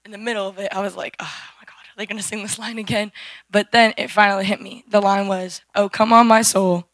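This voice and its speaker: A teenage girl with a hoarse, worn-out voice, giving a rambling personal testimony at a church service on a handheld mic, full of fillers and restarts. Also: medium pitch, a bit bright, no echo. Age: teens. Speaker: youth group member giving testimony. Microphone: handheld microphone.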